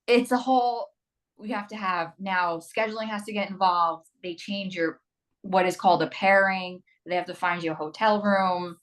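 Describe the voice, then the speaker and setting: A woman flight attendant chatting in an interview, telling stories in a lively way and acting out what others said. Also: mid-range voice, normal speed. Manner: animated storyteller acting out quoted voices with laughs. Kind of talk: casual interview chat.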